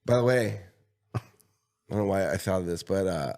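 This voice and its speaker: A man's voice: sits low, lively intonation, normal speed, a little mellow. A man co-hosting a podcast, telling a story in casual, swearing, teasing banter. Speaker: podcast co-host. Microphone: studio podcast mic.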